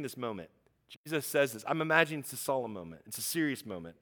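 A man preaching a sermon, animated, acting out quotes and swinging from loud emphasis to hushed asides. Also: mid-range voice, quick pace. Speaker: pastor.

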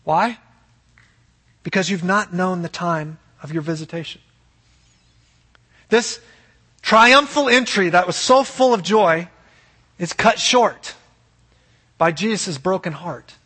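A man preaching with a high, bright, slightly husky voice, earnest and emphatic. His sermon rings out in a large hall with a long reverb trailing each phrase. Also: animated, slow pace, pauses often. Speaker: pastor.

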